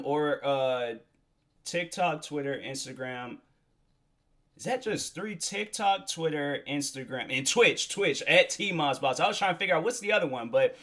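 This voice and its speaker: Earnest rambling young man, slightly high. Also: fairly bright tone. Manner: rambling, earnest, many fillers and restarts. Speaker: podcast host. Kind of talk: casual solo podcast monologue.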